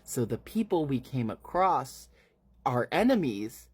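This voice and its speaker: A man retells a gruesome horror story in a loose, chatty way, scattering fillers and asides. His voice sits in an ordinary middle pitch. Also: lively intonation, a little slow, darkish tone, husky. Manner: casual, filler-laden, graphic.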